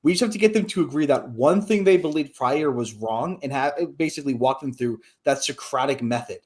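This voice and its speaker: A man speaking as a guest in a casual podcast chat, measured and explanatory. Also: medium pitch, a little mellow.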